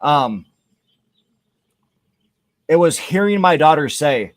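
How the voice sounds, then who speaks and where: A man's voice: medium pitch, moderate pace, pauses often, no room sound. A man hosting a casual gaming livestream, talking candidly and rambling with many hesitations and restarts. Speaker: livestream gamer host. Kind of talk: casual chat while gaming.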